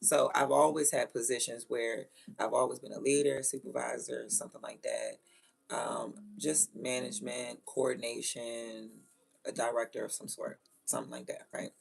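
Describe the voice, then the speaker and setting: Blunt, profane woman with a gravelly voice. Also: extremely low pitch, normal speed. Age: adult with children. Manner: blunt, profane, animated, laughs often. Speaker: vlogger. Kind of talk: casual storytelling rant.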